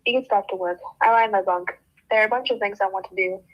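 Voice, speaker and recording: A woman's voice: mid-range voice, fast, muffled recording. A woman hosting a book club, reading a novel aloud in the first person and breaking off now and then to laugh.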